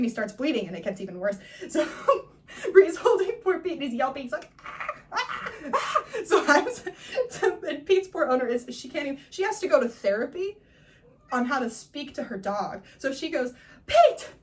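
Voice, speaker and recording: A young woman from Northern California tells a comic story from her own life with lively energy. She laughs often and slips into the voices of the people in it. Her voice sits fairly high, and the mic is set a little away from her. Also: distant mic, slight background noise. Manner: animated, laughing often, acting out quotes. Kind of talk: personal storytelling, class assignment.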